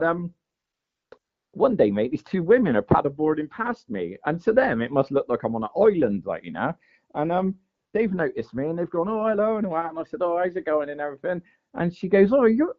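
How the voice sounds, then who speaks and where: A man tells his story in a loose, rambling way, peppering it with "mate" and "like". His voice sits in a middle register, and the recording sounds dull and lo-fi. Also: mid-range voice. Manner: rambling, full of "mate" and "like" fillers. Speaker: guest angler. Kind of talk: casual storytelling interview. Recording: dull lo-fi audio.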